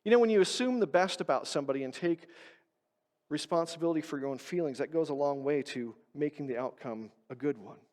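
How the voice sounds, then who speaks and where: A male pastor giving an emphatic sermon, pushing his stresses loud and then dropping to quiet, low asides. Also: brisk, in a large hall. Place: church sanctuary.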